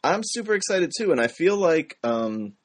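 A young man co-hosting a podcast, reading the show plugs and chatting in a joking, relaxed way. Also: a little high, normal speed. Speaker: podcast co-host. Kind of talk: casual podcast chat.

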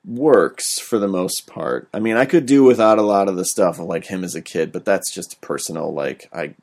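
A man co-hosting a podcast, reviewing a film in a relaxed, rambling way, with many fillers. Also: low-pitched, moderate pace. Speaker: podcast co-host. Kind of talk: casual movie review chat.

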